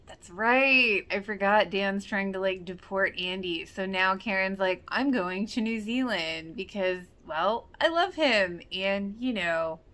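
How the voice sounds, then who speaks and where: A woman talks through a TV episode in a loose, chatty way. She exclaims often and slips into quoting the characters as she reacts. Her voice sits at an ordinary mid pitch. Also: lively intonation, slow, bright, forceful tone. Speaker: rewatch reaction host. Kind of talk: casual reaction commentary.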